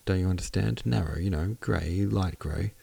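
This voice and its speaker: A man reading the lines of a lively teenage girl in an audiobook, with eager, teasing questions. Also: deep voice, normal speed, vocal fry, slightly rough, dry recording, exaggerated voice.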